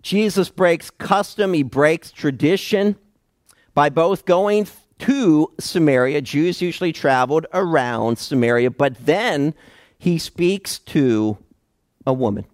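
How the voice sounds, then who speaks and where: A male pastor delivers a sermon in an unhurried, deliberate cadence. His voice sits a little high for a man. The sound is dry and close, and he stresses each key word with measured pauses. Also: animated, no echo. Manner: slow, emphatic Bible exposition with dramatic pauses.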